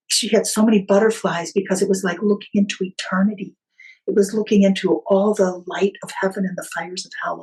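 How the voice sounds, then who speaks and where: A woman guest on a podcast, telling a family story in an unhurried, vivid way. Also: medium pitch, poor audio.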